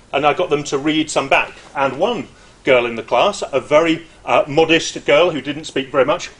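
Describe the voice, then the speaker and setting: A middle-aged man gives an informal seminar talk as a university lecturer. His voice sits at a mid pitch, and he keeps things lively with chatty asides and frequent hesitations. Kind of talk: informal academic presentation.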